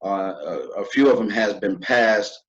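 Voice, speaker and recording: A man with a fairly low voice speaks unhurriedly, with dull-sounding audio. As host of a podcast interview show, he talks earnestly and conversationally, using fillers.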